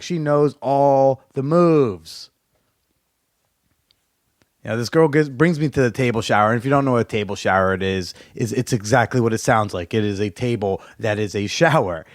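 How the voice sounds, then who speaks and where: Male podcast host, blunt and foul-mouthed, mid-pitched voice, dry close sound, for a candid storytelling monologue. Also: normal speed, no room sound. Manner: frank and profane, rambling with restarts.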